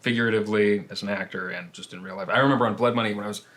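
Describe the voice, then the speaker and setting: A man hosting a casual interview, relaxed and chatty, with quick affirmations. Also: on the low side. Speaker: interview host.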